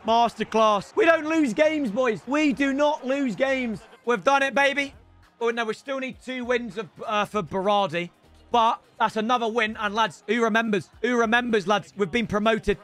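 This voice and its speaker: A young man giving excitable live gameplay commentary, yelling at the game and bantering with his viewers. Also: very high voice, normal speed, soft background music. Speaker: gaming YouTuber.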